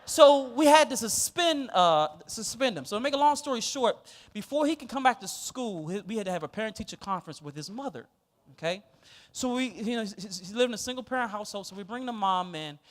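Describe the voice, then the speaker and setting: High-voiced animated preacher man. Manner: animated, laughing storyteller. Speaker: pastor. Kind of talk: sermon storytelling.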